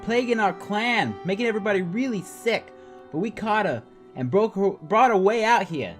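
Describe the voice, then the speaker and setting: A man's voice: sits high, expressive, music in the background, voice pushed up. A man voicing a blunt, dismissive male clan guard in a game, with a put-on accent. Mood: gruff. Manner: put-on accent, slow and loud.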